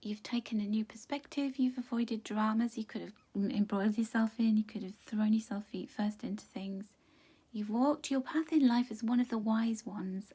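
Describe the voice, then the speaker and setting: A middle-aged woman giving a live pick-a-card reading, gentle and encouraging, chatting warmly and greeting viewers by name. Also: medium pitch, husky. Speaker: angel card reader.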